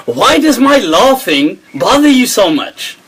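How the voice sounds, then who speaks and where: A man hosting a live Q&A, talking in an animated way, quoting others and laughing often. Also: high-pitched, slightly rough, low-quality recording. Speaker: host. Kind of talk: live Q&A talk. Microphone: webcam or phone on a live stream.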